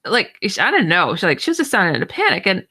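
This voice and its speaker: A woman telling a personal story in a bright, forceful voice with a gravelly edge of fry. She rambles and restarts often, then leaps upward in pitch whenever she replays her own surprise. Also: quick pace. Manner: excitable, jumps high when acting out her own reactions; rambling with many false starts. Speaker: paranormal researcher guest. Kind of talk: animated personal storytelling in an online audio chat.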